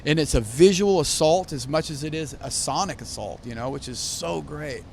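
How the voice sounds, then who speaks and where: A man, a bass player, talking in a casual backstage interview, enthusiastic and rambling with restarts. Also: normal speed, creaky, a little mellow, slight background noise. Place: backstage at a concert venue.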